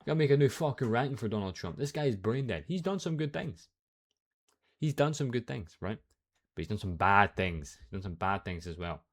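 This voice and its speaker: A man's voice: fairly low pitch, lively intonation, moderate pace. A young man hosting a reaction video, ranting heatedly with plenty of swearing.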